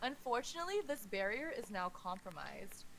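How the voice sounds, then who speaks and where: A woman's voice: mid-range voice, sing-song, normal speed, gravelly, a bit bright, slight background noise. A woman co-hosting a podcast who recaps a novel in a chatty way, stopping to react as she goes. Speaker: podcast co-host. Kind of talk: casual story recap.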